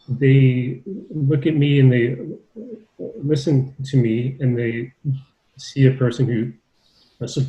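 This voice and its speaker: Slow, mellow man who stutters. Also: medium pitch. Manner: stutters, slow deliberate phrasing with pauses. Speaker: journalist guest. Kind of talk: answering questions on a video panel. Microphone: video call. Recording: roomy, dull lo-fi video call audio.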